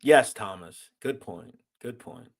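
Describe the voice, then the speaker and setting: On a casual livestream, a man with a medium-pitched, expressive voice reads viewer comments aloud and jokes around, taking it slowly. His loose, joking manner swings from loud moments to muttered asides.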